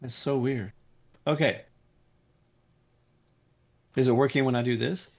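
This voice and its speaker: A man's voice: medium pitch, unhurried, a little mellow. A man running an online game server meeting, firm and blunt and swearing when annoyed, speaking into a voice chat mic. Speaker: game server owner leading a staff meeting. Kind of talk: casual online meeting talk.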